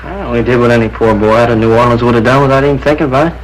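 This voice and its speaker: A man's voice: mid-range voice, fairly even intonation, very fast, very noisy, natural voice. A man playing a cocky teasing kid brother. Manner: teasing, playful. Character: cocky youngest ranch son, teasing.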